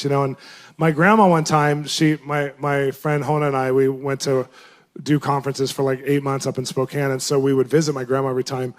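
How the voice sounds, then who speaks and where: A man, a Christian minister, tells a personal testimony in a lively way, laughing often and jumping up in pitch for his own quoted reactions. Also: fairly quick. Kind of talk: animated personal storytelling.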